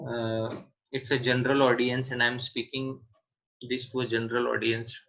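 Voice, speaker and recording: A man's voice: medium pitch, level tone, normal speed, fairly bright tone, muffled recording. A man teaching a scripture seminar online, answering questions and repeating key points with emphasis.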